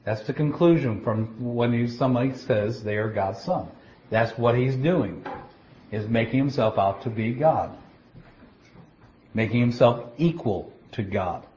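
A man's mid-range, dark-toned voice carries this Bible teaching, captured in a dull lo-fi recording with slight background noise. Deliberately, he walks through scripture step by step, frequently breaking off to restart a word.

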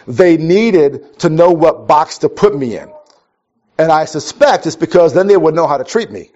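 A man's voice: a little high, expressive, moderate pace, a little mellow. A man from Minnesota preaching a conversational sermon, telling stories wryly and often restarting his sentences. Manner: storytelling, wry, restarts often. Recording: dull lo-fi recording.

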